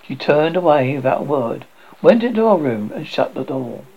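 A man with a gravelly, husky voice giving a theatrical reading of a classic horror story, stumbling and restarting now and then. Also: on the high side, sing-song, moderate pace, dull audio.

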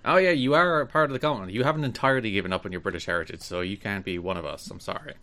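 A man hosting a podcast in casual chat, teasing his co-host with dry, deadpan banter. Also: on the low side, rapid-fire.

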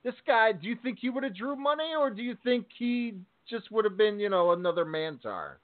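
Male co-host, high voice, eager and laughing, tinny phone audio. Casual chat. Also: big pitch swings, a little fast. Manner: enthusiastic, laughs often. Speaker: podcast co-host. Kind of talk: casual wrestling talk.

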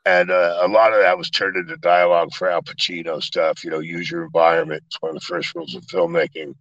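Deep-voiced man telling animated stories. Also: fast, no room sound, muffled recording. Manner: animated, profane, acts out quotes. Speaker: actor guest. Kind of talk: casual storytelling interview.

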